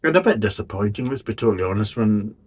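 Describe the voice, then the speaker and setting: Blunt, husky man reviewing beer. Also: lowish voice, expressive, fast. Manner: blunt, sweary, rambling. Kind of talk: casual review monologue.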